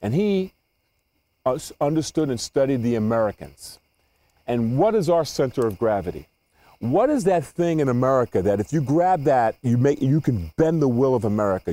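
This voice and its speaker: A man's voice: medium pitch, dark tone. A man giving a sermon to an audience, quizzing them with questions and repeating words as he thinks. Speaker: preacher.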